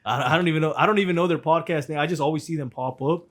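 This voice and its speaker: A man's voice: on the high side, very fast. A man co-hosting a podcast in casual, laid-back chat, swearing freely and using lots of fillers. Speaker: podcast co-host.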